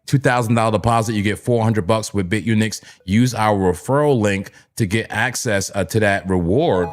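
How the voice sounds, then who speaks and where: A man from New Jersey with a lowish voice runs a live trading stream. He talks in a hyped, chatty way, repeating himself and calling out to viewers. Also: normal speed, soft background music. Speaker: livestream crypto trading host. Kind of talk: casual live-stream commentary.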